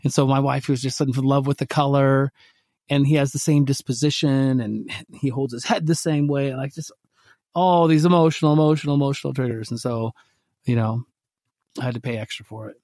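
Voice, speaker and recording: A man co-hosting a podcast, telling a story in casual chat and acting out his own quotes with lively energy. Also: mid-range voice, brisk, no room sound, studio quality. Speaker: podcast co-host.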